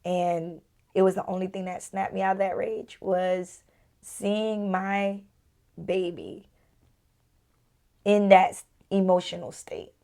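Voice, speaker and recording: A woman's voice: medium pitch, steady tone, slow, creaky, pauses often, mellow. Woman telling a raw marriage story. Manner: emotional, drops to near-whisper at tender moments. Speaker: podcast co-host. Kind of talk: candid personal storytelling.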